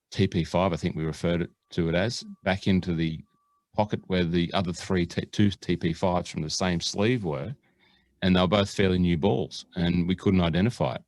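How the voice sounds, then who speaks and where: A man's voice: deep voice, no room sound. An Australian man hosting a podcast, chatting in a jokey, rambling way full of fillers. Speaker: podcast host. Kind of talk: casual podcast chat.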